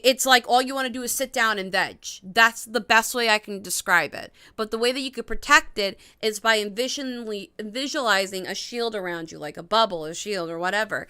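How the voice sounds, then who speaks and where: A woman's voice: medium pitch, bright, forceful tone, smooth. Chatty young woman giving a tarot livestream. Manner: rambling, chatty, with fillers and self-corrections. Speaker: tarot reader. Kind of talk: casual livestream reading.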